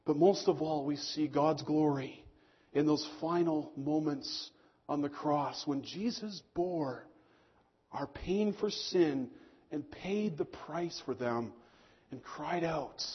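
A man preaching a sermon to his congregation as pastor, swelling on key lines and dropping low and slow for emphasis. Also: breathy edge, dull audio.

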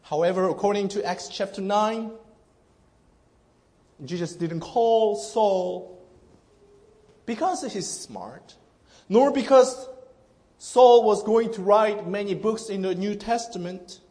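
Preaching to his congregation, a male pastor with a notably high yet dark-toned voice speaks slowly and with earnest emphasis. He frequently breaks off mid-phrase and starts again.

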